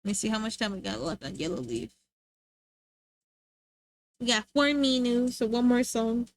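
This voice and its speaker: A woman's voice: on the high side, lively intonation, normal speed, slight background noise. A young woman streamer chatting casually, rambling and laughing often.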